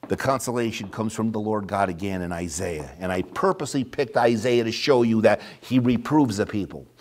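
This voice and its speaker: A man delivers a sermon, reading scripture aloud as he swings from loud, emphatic declarations to hushed, almost whispered asides. His voice sits on the low side and he keeps a moderate pace.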